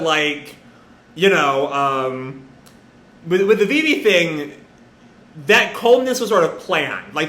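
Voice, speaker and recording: A man's voice: a little high, fairly bright tone. A young man casually reading out a manga chapter and reacting, chatty with many fillers. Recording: roomy echo.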